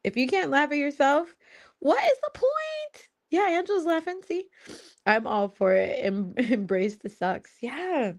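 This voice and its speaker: Her voice sits high and sing-song, her pace measured, as this young woman runs a live spiritual Q&A stream. The talk is casual and blunt, peppered with teasing, swearing, and frequent laughter with viewers.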